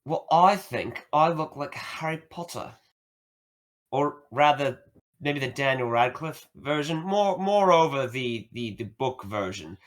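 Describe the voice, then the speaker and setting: A man's voice: mid-range voice, a little slow. A man in his thirties, a podcast co-host, telling a story in casual chat. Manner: storytelling, animated.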